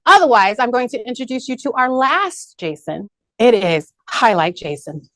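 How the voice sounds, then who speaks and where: A woman's voice: on the high side, expressive, normal speed, a bit bright, slight background noise. A woman presenting to a team in an upbeat business meeting, peppy and rallying, repeating key points. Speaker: marketing presenter. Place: video call meeting.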